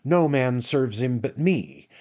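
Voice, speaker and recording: A man's voice: medium pitch, lively intonation, slow, a little mellow, pitched above the performer's own voice. A man voicing a brash, emphatic young manservant in a storybook reading. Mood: brisk, emphatic. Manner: emphatic, bossy, argumentative.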